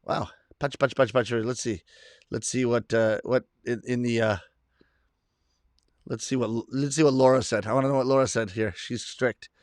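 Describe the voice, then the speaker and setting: A middle-aged Canadian man hosts a casual livestream, chatting and reading viewer comments aloud with easy, self-deprecating laughs. His mid-range voice is steady and moderately paced, recorded dry and clean in a studio.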